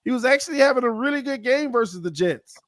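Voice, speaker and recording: Very high-pitched and fairly bright, this podcast co-host talks fast with lively intonation as he rambles casually about football. He's laid-back, often ending thoughts with a trailing "man," on a dry, studio-quality recording.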